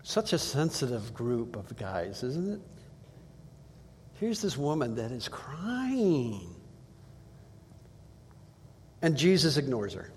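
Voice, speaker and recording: A man's voice: medium pitch, wildly swooping pitch, takes it slowly, long pauses, darkish tone, in a large hall, a little hiss or hum. A man giving a conversational Bible teaching, reading passages aloud and asking rhetorical questions.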